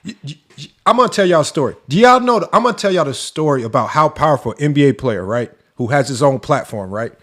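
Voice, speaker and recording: A man's voice: on the high side, lively intonation, fast talker, a bit bright. A man hosting a sports debate show, ranting in an exasperated, mocking way and firing off rhetorical questions. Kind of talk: heated commentary rant.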